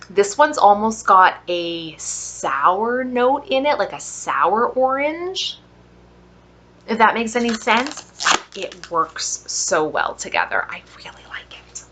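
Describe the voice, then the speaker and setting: A woman vlogger with a mid-range voice gives a casual product review, gushing with drawn-out exclamations and slipping in soft whispered asides.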